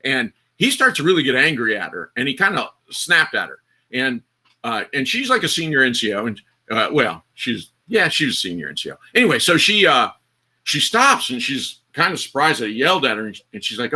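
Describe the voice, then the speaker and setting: Medium in pitch, this man's voice is brisk, sharp, a bit rough, and very animated. Hosting a casual livestream panel, he tells a meandering story, restarting often, performing quotes, and laughing along the way.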